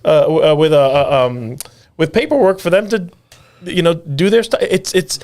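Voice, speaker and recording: A man voicing a woman immigration attorney who talks in an excited, rambling rush. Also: on the high side, normal speed, close to an everyday voice. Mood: gleeful.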